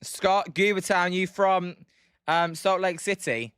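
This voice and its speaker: A British man calling baseball play-by-play on a live stream in a chatty, casual way, stopping between pitches to answer viewers' chat. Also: steady tone, slow pace, a bit bright, smooth, no room sound, clean studio sound. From Britain.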